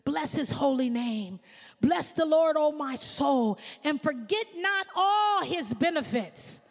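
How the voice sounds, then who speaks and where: Woman pastor, high voice, animated sermon, long echoing hall. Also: slow. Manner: animated preaching, swings from shouting to hushed.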